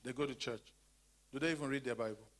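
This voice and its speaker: A man's voice: mid-range voice, quick pace. A man teaching a women's church class. He asks questions and leaves his sentences open for the group to finish, repeating key words for emphasis. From Zambia.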